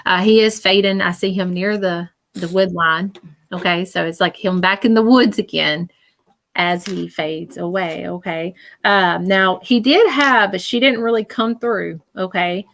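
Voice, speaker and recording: A woman's voice: fairly low pitch, unhurried, vocal fry. A woman working as a psychic medium in a live-stream reading, speaking earnestly and often emotionally. She relays messages in quoted speech and keeps checking in with "okay?". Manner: animated, emotional.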